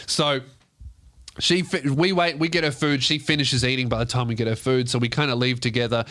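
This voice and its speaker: A man's voice: medium pitch, brisk, fairly bright tone. A man, hosting a comedy podcast and telling a loose, profane anecdote. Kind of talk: comedic storytelling.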